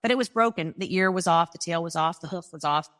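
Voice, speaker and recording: A woman guest telling a personal story in conversation, animated and acting out the dialogue she recounts, laughing often. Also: on the low side, fast talker.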